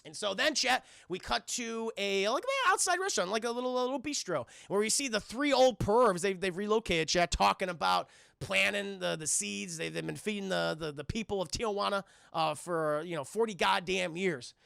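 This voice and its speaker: High gravelly excited male reviewer. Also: moderate pace, no room sound, clean studio sound. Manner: excited retelling, cursing, addresses chat. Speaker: cartoon reviewer streaming to chat. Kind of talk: casual streamed commentary.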